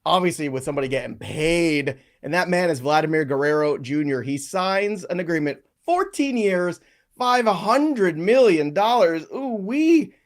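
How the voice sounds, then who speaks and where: A man's voice: fairly high pitch, animated, normal speed. A man co-hosting a podcast, playful and rambling, stumbling over his words in casual banter. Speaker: co-host.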